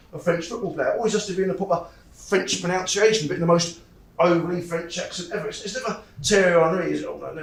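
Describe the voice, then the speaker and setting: A man's voice: high-pitched, creaky, distant mic. A man in his forties with a southern English accent, doing a stand-up comedy set in a club, rambling and laughing at his own jokes. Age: 40s. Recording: echoey club room, faint ambience.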